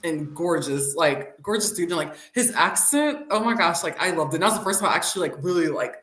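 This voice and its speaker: A woman's voice: fairly low pitch, brisk. A woman co-hosting a casual chat show, telling stories with lots of giggles. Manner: giggly, animated storytelling. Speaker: podcast co-host. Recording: roomy echo.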